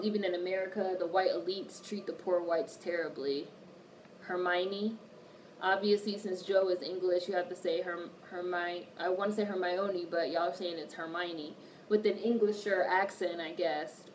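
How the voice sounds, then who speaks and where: A woman hosting a casual livestream, reading viewer comments aloud and answering them with plenty of swearing. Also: fairly low pitch. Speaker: livestream host. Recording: distant mic with faint background noise.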